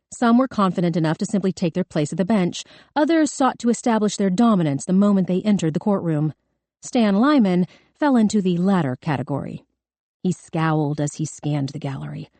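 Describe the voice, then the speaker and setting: Woman with a low, mellow narrating voice. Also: dry recording. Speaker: audiobook narrator. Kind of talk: scripted narration.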